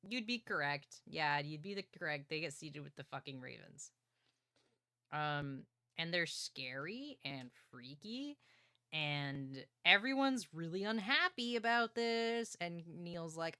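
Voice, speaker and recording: A young woman streamer casually recapping a novel, excited and swearing, acting out characters' lines. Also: on the low side, a little slow, clean tone, no echo, studio quality. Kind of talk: casual book recap chat.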